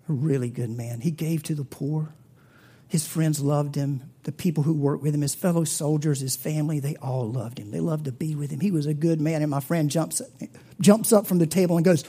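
A pastor delivers a sermon at a fairly brisk pace, telling a story with dramatic rises and falls in pitch and volume. At the tender moments he sinks into a breathy whisper.

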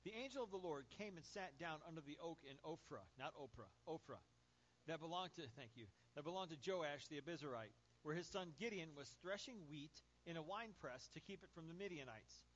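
Guy pastor giving a sermon, highish voice, reads the bible then just talks to folks, kinda muffled recording. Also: expressive, brisk, few pauses, a bit bright, slight background noise. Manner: reads scripture then preaches conversationally with fillers.

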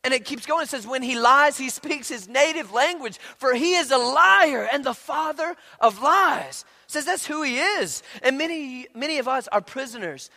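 A man preaching a sermon as pastor, animated and conversational, acting out quoted asides. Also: extremely high pitch, moderate pace, few pauses. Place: church sanctuary. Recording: long hall reverb.

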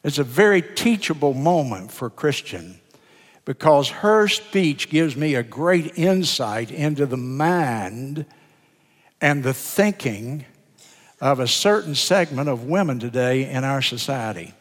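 An older man, a pastor of many years, preaching a sermon in an earnest, deliberate way, drawing out words for emphasis. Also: medium pitch, animated. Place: church sanctuary. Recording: sermon in a reverberant church sanctuary.

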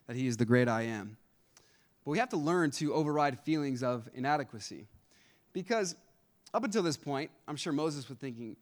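A male pastor preaching a sermon, with a rhythmic, repetitive delivery that builds to loud, emphatic peaks. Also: medium pitch.

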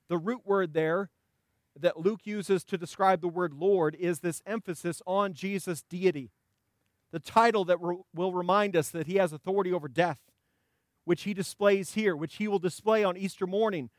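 A pastor with a bright, high voice preaches in an easy conversational way, slipping jokes between scripture readings. His voice sounds close and dry, with little room sound behind it. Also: no echo. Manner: conversational preaching with playful asides. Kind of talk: sermon.

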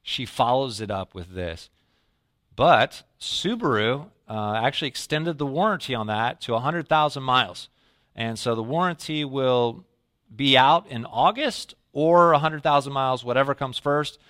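A man giving a sermon in a relaxed storytelling way, his voice bright and forward. He sometimes sinks low and soft to act out his own reactions. The sound is close and dry, with no room echo. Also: moderate pace. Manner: storytelling, drops to a low quiet voice when quoting himself. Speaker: pastor.

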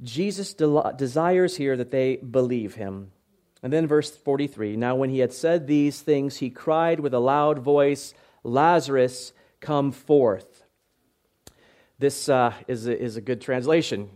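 A man's voice: mid-range voice, unhurried. A man preaching an expository sermon in a conversational way, reading scripture aloud and often checking in with listeners. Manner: conversational, tag questions, bursts into loud acted shouts. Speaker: pastor.

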